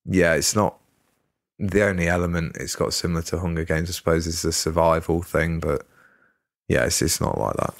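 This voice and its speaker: A low-voiced male co-host with a dry, understated manner. The recording is close and dead, with no room sound at all. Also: normal speed, creaky, dry recording. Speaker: podcast co-host. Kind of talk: casual podcast chat.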